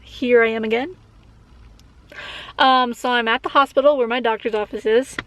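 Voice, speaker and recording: A young woman from Colorado talking casually in a vlog. She is chatty, laughs often and drops into hushed asides. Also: fairly high pitch, fairly even intonation, normal speed, no room sound, low-quality recording. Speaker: vlogger. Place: outdoors on a walk, later at a hospital.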